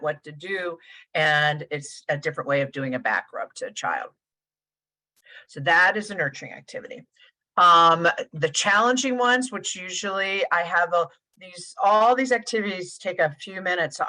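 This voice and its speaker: A woman therapist speaks over a video call in a slightly low voice. Her webinar talk is loose and conversational, full of ums and you-knows, as she walks her listeners step by step through hands-on activities. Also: bright, forceful tone, low-quality recording. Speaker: play therapist. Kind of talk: webinar presentation.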